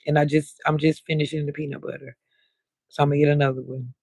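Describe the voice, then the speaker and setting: A husky, slightly mellow woman's voice sits low, level in tone, and she talks fast. As a late-night livestream host she chats casually, greets viewers by name, and drags out her words, with no echo present.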